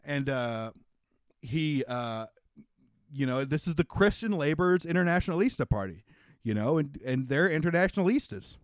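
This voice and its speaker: A man's voice: fairly high pitch, expressive, moderate pace, dry recording, clean studio sound. A young man narrating a tabletop role-playing game as game master, in a loose, rambling way full of fillers.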